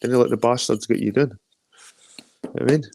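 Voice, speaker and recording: Gravelly Scottish man chatting on a livestream. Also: medium pitch, a little fast, a little mellow, slight background noise. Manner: rambling, heavy swearing, greets viewers. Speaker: livestream host. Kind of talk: casual livestream chat reading viewer comments.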